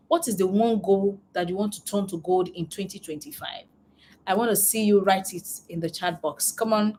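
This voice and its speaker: A woman's voice: mid-range voice, a little mellow, slight background noise. A woman business coach hosting a live online class, reading out chat replies and cheering each one on. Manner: upbeat and encouraging, repeats praise words.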